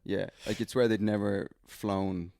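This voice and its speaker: A man's voice: on the low side, level tone, a little slow, vocal fry, dark tone, no echo. A man co-hosting a casual podcast, mostly nodding along with short replies and dry jokes. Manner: short backchannels, dry quips. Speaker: podcast co-host. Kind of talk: casual chat.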